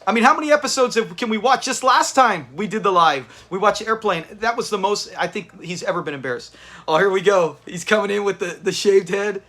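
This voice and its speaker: A man's voice: high voice, fairly quick, fairly bright tone. A man hosting a live watch party, chatting with his viewers and laughing often as he reacts to a sitcom episode. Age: adult with kids. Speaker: livestream host.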